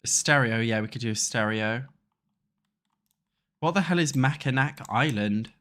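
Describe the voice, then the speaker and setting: A man's voice: mid-range voice, normal speed, fairly bright tone. A young British man from England chatting casually while playing a building game. He rambles and swears freely. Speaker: gaming YouTuber.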